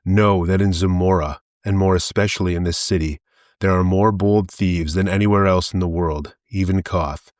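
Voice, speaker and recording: A man's voice: low-pitched, fairly even intonation, normal speed, a little mellow, no room sound, studio quality, lightly acted. A man voicing a fat, boastful rogue who blusters and mocks. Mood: lecturing. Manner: blustering, mocking. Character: fat boastful middle-aged male rogue, jeering.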